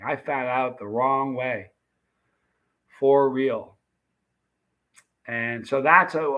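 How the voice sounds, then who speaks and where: Heard through audio with the highs cut off, a middle-aged American livestream host rambles through a story for his chat, performing the dialogue and restarting many times. His voice is mid-range.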